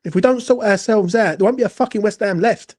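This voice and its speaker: A man's voice: high-pitched, quick pace, a little mellow. A man ranting angrily and emotionally about his football club as a fan channel host, swearing and repeating himself. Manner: angry, emotional, sweary, repetitive. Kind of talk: impassioned fan rant.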